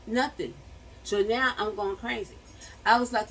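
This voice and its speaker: A woman's voice: fairly high pitch, steady tone, unhurried, a bit bright, far from the mic, slight background noise, poor audio. Chatty slangy woman vlogging from home. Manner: chatty, slangy, laughs often. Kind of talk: casual chat to the camera. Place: home bedroom.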